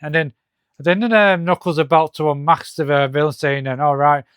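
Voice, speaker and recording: A man walks through a comic book issue, talking in a halting, hesitant way with many fillers and restarts, and reading the dialogue aloud in his own voice. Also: fairly high pitch, steady tone, a bit bright, clear, resonant tone, no room sound, clean studio sound. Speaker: comic reviewer. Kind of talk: casual comic-book walkthrough.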